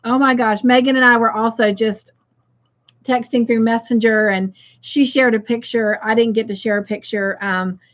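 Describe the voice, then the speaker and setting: A woman's voice: on the high side, steady tone, normal speed, lo-fi sound. A woman hosting a casual craft livestream, chatting and greeting viewers by name as she reads their comments aloud.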